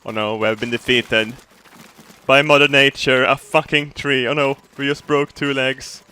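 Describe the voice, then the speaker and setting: A man giving excitable gameplay commentary, laughing often and swearing freely as he builds. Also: medium pitch, normal speed, clean tone. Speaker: gamer.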